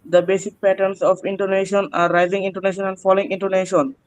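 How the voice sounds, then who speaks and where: A man answering oral exam questions, halting and hesitant with many pauses and restarts. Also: high-pitched, level tone, no echo, poor audio. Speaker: student taking an oral exam.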